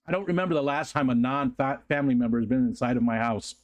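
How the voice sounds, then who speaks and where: A man talking casually on a livestream from his house. He rambles in an easygoing way, leans on fillers, and sits at a middle pitch. It sounds like relaxed, unscripted chat with his viewers. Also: quick pace, muffled recording. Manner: rises to a high sing-song baby voice when talking to his dog. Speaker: livestream host. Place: home room.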